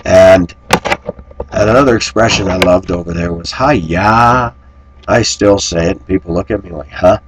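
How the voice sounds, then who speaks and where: A man's voice: deep voice, fairly even intonation, quick pace, few pauses, noisy background. An American man vlogging, telling rambling anecdotes in a casual, conversational way. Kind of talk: casual storytelling to camera.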